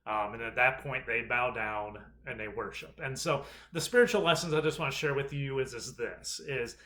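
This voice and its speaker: A man's voice: mid-range voice, moderate pace, sharp tone. A man, a pastor, preaching a conversational sermon and retelling a scripture story with quoted lines.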